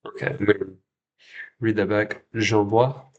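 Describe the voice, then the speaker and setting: A man's voice: on the low side, level tone, a little slow, vocal fry, lo-fi sound. A man hosting a casual livestream study session, thinking aloud and repeating words as he checks himself. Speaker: French learner and livestream host.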